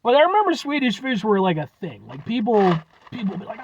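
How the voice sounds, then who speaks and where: A man's voice: sits high, big pitch swings, quick pace, dull audio, a little hiss or hum. A man reviewing snacks on his vlog, rambling and joking, swearing casually as he signs off. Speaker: food review vlogger.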